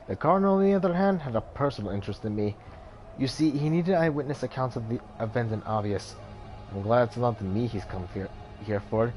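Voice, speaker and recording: A man's voice: mid-range voice, fairly quick, a little mellow, close to an everyday voice. A man voicing a mystic male warrior-turned-merchant in a put-on Indian accent, solemn and riddling, reading game dialogue over music. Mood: cryptic.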